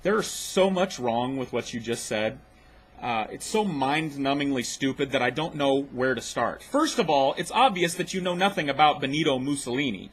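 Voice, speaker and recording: A man's voice: mid-range voice, normal speed, a bit bright, husky. A man hosting his own video, rebutting a clip with a blunt, mocking, profane rant. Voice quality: blunt, mocking, swears freely.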